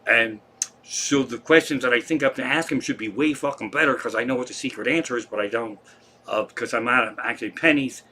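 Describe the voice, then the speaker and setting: A man's voice: medium pitch, a little fast, sharp tone, a little hiss or hum. A man hosting a comedy live stream from home, telling rambling, profane stories in casual chat.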